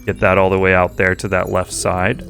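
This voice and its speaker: A man's voice: low voice, monotone, moderate pace, gravelly, a bit bright, faint music behind. A young man hosting a casual let's-play, chatting and thinking aloud with amused energy. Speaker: host playing a game.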